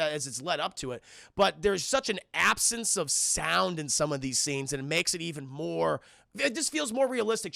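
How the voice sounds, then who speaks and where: A man streaming a casual, profane film review, talking excitedly to his chat and acting out the characters' lines. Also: fairly high pitch, gravelly, dry recording, studio quality. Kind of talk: live-stream film commentary.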